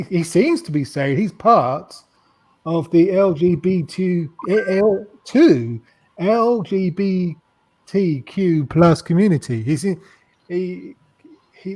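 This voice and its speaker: A man in casual podcast chat, hesitant and halting. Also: sits high, lively intonation, a little mellow, slight background noise, poor audio. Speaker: podcast co-host.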